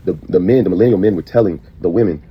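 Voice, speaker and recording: A man with a low, husky voice tells of a dream in quick, earnest storytelling. The sound is dull and lo-fi, from a played clip. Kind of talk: recounting a dream as testimony.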